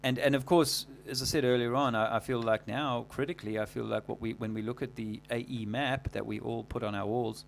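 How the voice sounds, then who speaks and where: A man hosting a livestream, talking casually in a rambling, halting way full of fillers and restarts. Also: mid-range voice, fairly even intonation, creaky, slight background noise. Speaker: livestream host.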